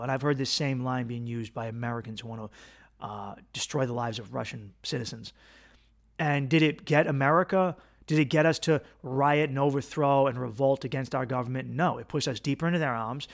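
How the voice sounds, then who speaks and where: A man's voice: medium pitch, gravelly. Profane ranting man hosting a podcast. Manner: animated, profane, ranting with sarcastic asides. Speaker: podcast host, comedian. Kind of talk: casual opinionated monologue.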